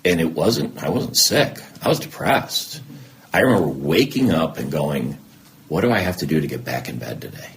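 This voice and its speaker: Deep-voiced man telling his story candidly. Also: normal speed, a little hiss or hum. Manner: animated storyteller who acts out remembered dialogue. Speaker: podcast guest. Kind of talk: candid personal interview.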